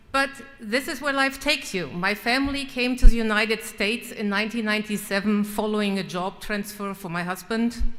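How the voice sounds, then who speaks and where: A woman's voice: medium pitch, sharp tone. A middle-aged woman with a German accent giving an earnest, personal farewell speech as a state legislator, with touches of self-deprecating humor. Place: large legislative chamber. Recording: long reverb in a large hall.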